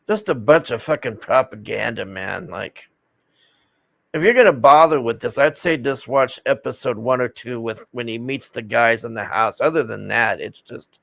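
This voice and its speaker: A man ranting casually to his viewers, swearing often and ending his gripes with a drawn-out "man" as his voice drops. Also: medium pitch, creaky, fairly bright tone, no echo. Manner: profane, exasperated, trailing off with "man". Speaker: video host.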